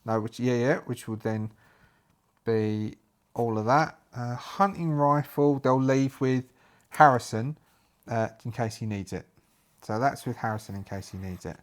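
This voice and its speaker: A man's voice: medium pitch, measured pace. A man narrating his solo tabletop game, talking through dice rolls and rules aloud.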